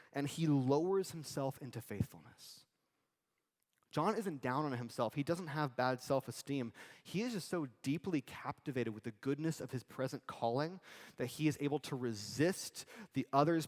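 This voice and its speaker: A male pastor giving a sermon in a conversational, animated way with casual asides. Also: medium pitch, in a large hall. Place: church sanctuary.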